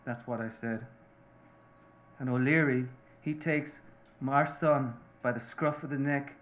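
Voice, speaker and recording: A man reading the part of a remorseful Irish-American mother, a seamstress, confessing earnestly and haltingly to her husband. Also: medium pitch, fairly even intonation, a bit bright, lightly acted.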